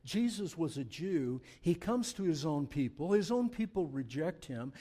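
A man preaching in a church, his voice mellow and warm yet sitting fairly high. He talks conversationally but with emphatic, animated bursts, like a pastor walking his congregation through a passage. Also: moderate pace. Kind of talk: sermon.

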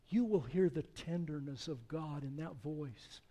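A man pastor preaching a sermon, emphatic, calling his listeners folks and swinging from soft to loud. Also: a little high, a little slow.

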